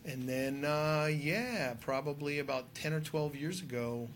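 A man speaking as a guest on a casual podcast chat, telling stories in an animated, conversational way with filler words. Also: fairly high pitch, a little slow, slight background noise. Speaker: guest filmmaker and drone pilot.

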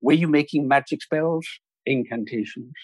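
A man's voice: a little high, normal speed, darkish tone, husky, no echo. A man voicing an impatient, skeptical male professor in a spoken story, pressing with questions.

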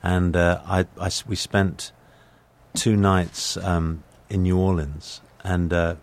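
A low-pitched man from England chats as a guest, spinning anecdotes. He restarts his sentences often, repeating words as he gathers his thoughts, in a relaxed conversational way. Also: takes it slowly. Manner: storytelling, stammering restarts. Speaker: actor, guest. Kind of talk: casual chat.

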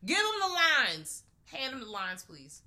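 A young adult woman co-hosting a casual movie review chat, animated and breaking into loud acted-out reactions. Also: medium pitch, moderate pace. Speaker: podcast co-host.

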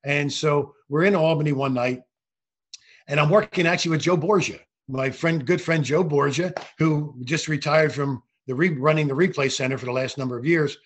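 An older man, a retired basketball referee, telling animated stories from his career in an interview. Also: on the high side, normal speed, husky. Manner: animated anecdotal storytelling with frequent restarts. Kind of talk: storytelling interview.

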